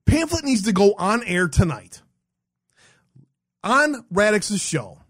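Hosting an online show, a man launches into a heated rant packed with profanity. His high voice swoops up and down, and he rambles bluntly, frequently stumbling into restarts.

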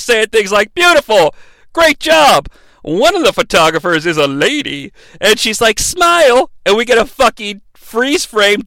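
A man's voice: high voice, bright, forceful tone, no echo. A man hosting a comedic movie recap, sarcastic and profane. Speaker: movie reviewer, host.

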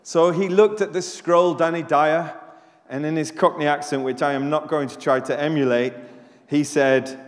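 A man preaching a sermon as pastor, animated and rising to loud emphasis on his questions. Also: on the high side, moderate pace. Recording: live church recording with long hall reverb.

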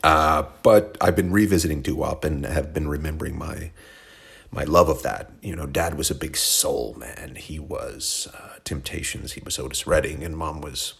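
A man's voice: a bass voice, normal speed, vocal fry, fairly bright tone. A man from Oklahoma hosting a music show, talking in a rambling, wry, self-correcting way as he introduces songs. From Oklahoma, USA. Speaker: radio show host. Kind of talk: casual monologue introducing songs.

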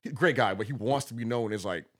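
Fast-talking and husky, with a medium-pitched voice, a Texas man appears as a guest promoter. He tells stories casually and animatedly, laughing as he acts out what others said.

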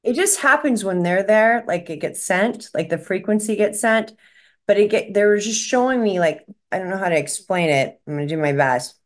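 A woman's voice: medium pitch, expressive, moderate pace. A woman talking as a psychic medium in casual chat, rambling and restarting as she relays what she is shown.

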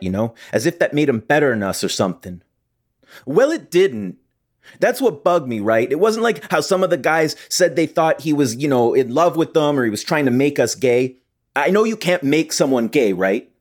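A young male actor performs a theatre monologue as a guilt-ridden, defensive teenage hockey player who rambles and keeps seeking agreement. His voice is medium-pitched and close to an everyday speaking voice.

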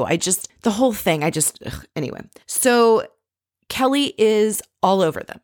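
A woman's voice: medium pitch, lively intonation, normal speed, darkish tone, no room sound, clean studio sound. A woman giving casual commentary on a reality show, blunt and sarcastic. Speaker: reality TV recapper.

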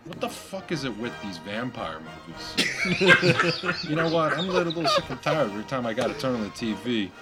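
Lively, cursing podcast co-host man. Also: mid-range voice, moderate pace, over loud music. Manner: profane, ranting, animated. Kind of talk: crude comedic podcast banter.

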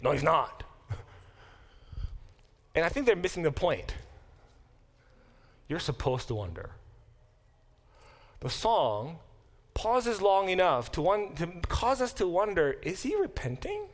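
A man's voice: a little high, very animated. Lecturing middle-aged male Bible professor. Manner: thinking aloud, with quick restarts and questions to students. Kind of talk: classroom lecture. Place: classroom.

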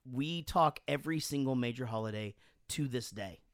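A man casually telling animated stories on a podcast, swearing freely and acting out quotes, sounding a bit drunk. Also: mid-range voice, moderate pace, no room sound, clean studio sound. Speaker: podcast host and band frontman. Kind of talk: casual storytelling chat.

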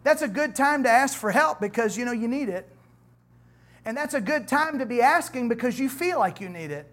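A pastor preaching in a church with a lively, conversational delivery. The preacher mixes humor and asides to the congregation with scripture read aloud, building emphasis as the passage goes on. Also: medium pitch, a little fast. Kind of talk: sermon.

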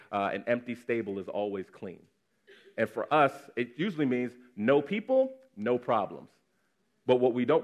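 A man preaching a sermon to his congregation in a conversational way, repeating words for emphasis. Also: medium pitch. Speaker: pastor. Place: church congregation.

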